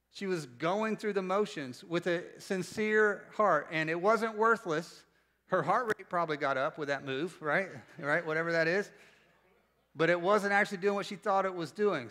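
A pastor preaching a sermon to a church congregation, animated and joking, with sudden loud bursts. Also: male voice, high-pitched. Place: church service before a congregation.

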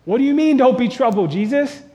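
A man's voice: extremely high pitch, expressive, a little fast, dark tone, voice pushed up. A preacher voicing a panicked group of male disciples, protesting in disbelief. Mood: incredulous. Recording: long hall reverb.

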